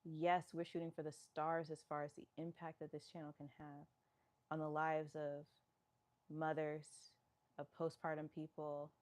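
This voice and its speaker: A woman's voice: low voice, completely flat delivery, moderate pace, darkish tone. A woman from New York, a fitness live-stream host, chatting casually as she reads viewer comments aloud and answers them.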